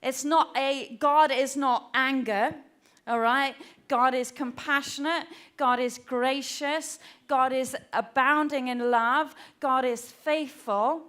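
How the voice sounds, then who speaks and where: A woman's voice: sits high, steady tone, slow pace, fairly bright tone. A woman pastor, preaching a sermon in a chatty, self-deprecating way with lots of fillers. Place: church.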